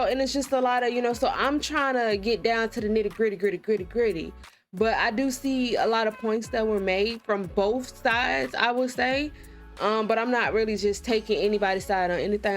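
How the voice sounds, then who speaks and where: A woman hosting a reaction video, chatting casually to her viewers and calling them y'all. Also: mid-range voice.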